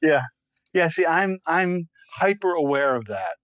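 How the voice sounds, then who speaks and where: A man's voice: fairly high pitch, animated, unhurried, a bit bright, smooth, no echo. A man co-hosting a casual podcast who talks hesitantly and often repeats words as he thinks. The recording is dry and close. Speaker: podcast co-host. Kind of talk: casual chat.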